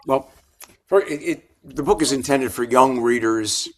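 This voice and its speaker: An older man, a rabbi and author, telling reflective stories with gentle humor in an interview. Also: mid-range voice, measured pace. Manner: reflective, warm anecdotes with gentle humor and restarts. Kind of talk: storytelling in an interview.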